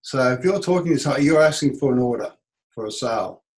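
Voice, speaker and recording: A middle-aged Australian man, a business coach, teaching a seminar and acting out quoted speech in an animated way. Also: medium pitch, quick pace, rough recording.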